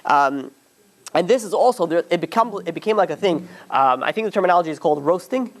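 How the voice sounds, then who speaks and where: A man hosting a casual religious panel discussion, talking in an animated, rambling way with many restarts and exasperated asides. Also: high-pitched, quick pace.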